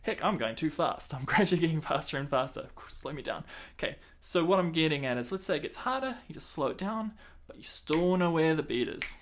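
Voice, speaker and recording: A man's voice: a little high, expressive, brisk. A man teaching a clarinet lesson in a casual, chatty way, counting and singing the beats aloud and laughing at himself.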